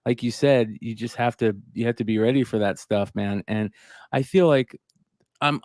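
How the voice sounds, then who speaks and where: A man's voice: medium pitch, normal speed, darkish tone, no room sound, studio quality. Laid-back man in his forties. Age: 40s. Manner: laid-back, sympathetic, casual slang. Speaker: podcast co-host. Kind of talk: casual podcast chat.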